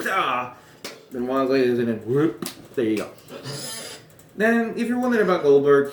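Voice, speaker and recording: A man talks through wrestling bookings in casual, rambling chat, often stopping to correct himself. His pitch sits in the middle. A roomy echo surrounds the voice. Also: slight background noise. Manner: rambling, self-correcting, chuckling asides. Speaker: wrestling podcaster.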